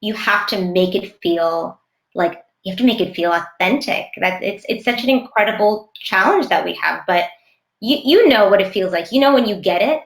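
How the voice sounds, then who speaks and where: Reflective actress guest, echoey room. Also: female voice, mid-range voice, expressive, normal speed. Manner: thoughtful, searching for words with many fillers. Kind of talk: casual interview chat.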